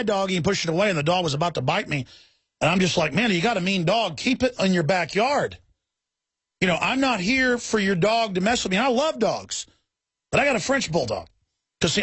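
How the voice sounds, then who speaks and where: A man's voice: high voice, fairly bright tone, husky, dry recording. A man hosting a talk radio show, ranting in a heated, rambling, emphatic way.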